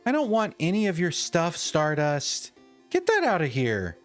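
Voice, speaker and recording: Brief: a man putting on a perky star being from a game, high teasing lilt, slow and lively. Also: soft background music.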